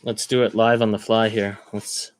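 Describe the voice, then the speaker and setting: A man's voice: lowish voice, level tone, moderate pace, dry recording. A man rambling in casual live-stream chat, thinking aloud as he browses card listings. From Canada.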